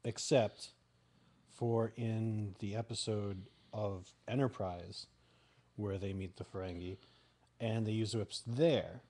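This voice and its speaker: Low-voiced man chatting loosely. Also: slow pace. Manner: relaxed and rambling, with fillers and trailing-off sentences. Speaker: podcast co-host. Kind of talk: casual chat.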